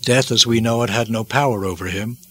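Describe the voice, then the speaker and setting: A man's voice: medium pitch, fairly quick, a bit bright, breathy edge. A man preaching a devotional sermon, dramatic and emphatic, repeating phrases for weight.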